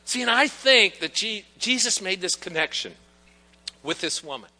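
A man preaching a sermon in a conversational, teasing way, his voice high and strikingly bright. The church gives it a long, ringing reverb. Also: expressive, moderate pace. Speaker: pastor. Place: church sanctuary.

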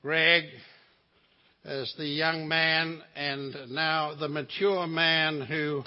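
In a reverberant church sanctuary, an older guest preacher with a New Zealand accent delivers his sermon very slowly, in a fairly high pitch with flat delivery. He spins folksy stories with humor and asides, and the sound quality is lo-fi.

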